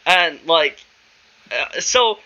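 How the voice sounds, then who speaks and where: Young man from Canada, high bright voice, rambling laughing storyteller, swears a lot, muffled recording. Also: expressive, drawn-out words. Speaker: podcast host. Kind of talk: casual storytelling.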